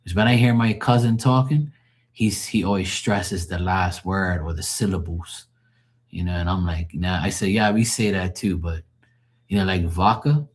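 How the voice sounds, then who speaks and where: Low-voiced man chatting on a live stream. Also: steady tone, normal speed. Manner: loose, chatty, explaining language differences to chat; swears casually, laughs easily. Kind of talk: casual live-stream chat with viewers.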